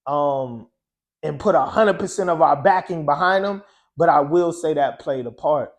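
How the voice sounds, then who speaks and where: Man, high voice, laid-back storyteller, lots of "you know", casual interview guest. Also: normal speed. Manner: loose and conversational, full of "you know" and "um".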